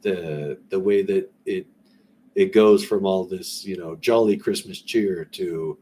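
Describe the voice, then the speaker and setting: A man reading a classic story aloud in a relaxed way, breaking off now and then for rambling, conversational asides. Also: sits low, slow pace, a little hiss or hum. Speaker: story reader.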